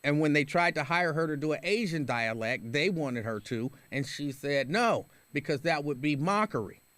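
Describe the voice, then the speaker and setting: A middle-aged man hosts a talk radio show, reading listener comments aloud and giving his own opinions. He speaks casually and restarts sentences often. His voice sits a little high for a man, and the studio recording is dry and close. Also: animated, moderate pace, a bit bright, no room sound. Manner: conversational, opinionated, with frequent restarts.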